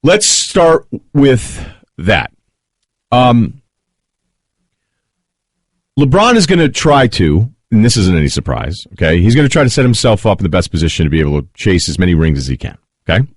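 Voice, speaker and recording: Man, sports radio host, animated pitch, dry studio sound, joking casual talk. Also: normal speed, slightly rough, dry recording. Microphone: studio microphone.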